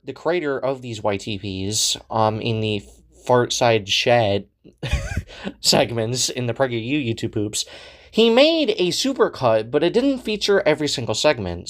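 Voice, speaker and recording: A man opens his own video with a loose, casual introduction that rambles with fillers. His pitch moves in a lively way. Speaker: channel uploader.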